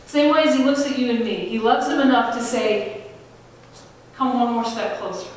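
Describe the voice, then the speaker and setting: A woman pastor preaching a sermon, conversational and emphatic, slowing down to stress key phrases. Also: a little high, slight background noise. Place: large church sanctuary. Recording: echoey hall, voice from far off.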